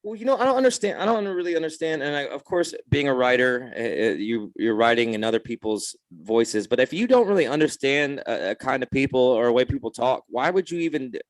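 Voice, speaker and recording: A man co-hosting a podcast in casual chat, joking and easygoing with quick quips. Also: mid-range voice, very animated, no echo. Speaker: podcast co-host.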